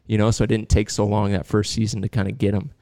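A man with a low, gravelly voice spins a lively hunting story on a podcast. His tone is dark and mellow, and the sound is close and dry. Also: fast, dry recording. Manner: storytelling, animated, laughs often. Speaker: podcast host and dog trainer. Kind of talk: casual podcast chat.

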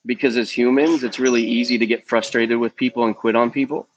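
A man's voice: medium pitch, fairly even intonation, fairly quick, husky, lo-fi sound. Earnest man telling his testimony. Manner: earnest, candid, peppered with "um" and "man". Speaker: youth ministry guest. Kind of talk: personal testimony in a podcast interview.

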